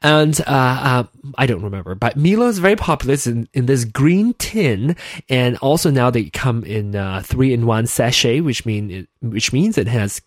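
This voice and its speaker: A man's voice: mid-range voice, expressive, moderate pace, no echo, studio quality. Rambling Malaysian man hosting a podcast. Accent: Malaysian English with a slight British touch. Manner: rambling, chatty, many restarts and self-corrections. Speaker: podcast host. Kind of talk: casual solo podcast chat.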